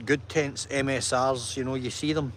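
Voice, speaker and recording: A man's voice: medium pitch, fairly even intonation, moderate pace, very noisy. Chatty man vlogging outdoors. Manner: chatty, enthusiastic, keeps asking "right?". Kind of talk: walking vlog talk to camera.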